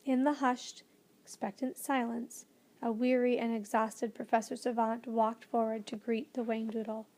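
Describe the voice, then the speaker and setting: A woman narrating a children's storybook with a gentle, expressive reading. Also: a little high, moderate pace. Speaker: audiobook narrator.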